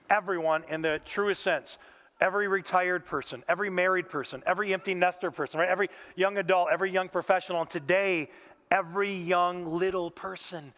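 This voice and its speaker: A man's voice: sits high, a bit bright. A man preaching a sermon in a church, telling stories in a folksy way and often saying "man". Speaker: pastor. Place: church sanctuary.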